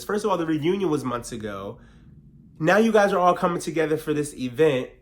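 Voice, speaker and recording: Guy doing a reality show recap, kinda high voice, slangy and animated, acts out the cast. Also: a little fast. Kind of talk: casual recap commentary.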